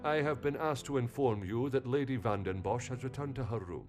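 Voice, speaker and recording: An actor playing a polite, formal household servant in a manor, with video game music behind him. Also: male voice, mid-range voice, brisk, close to an everyday voice.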